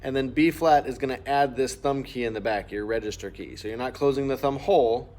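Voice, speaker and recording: A man's voice: mid-range voice, brisk, a little mellow. Patient man teaching clarinet. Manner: patient, explanatory, sings rhythms aloud. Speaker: band teacher. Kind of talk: instrument lesson walkthrough.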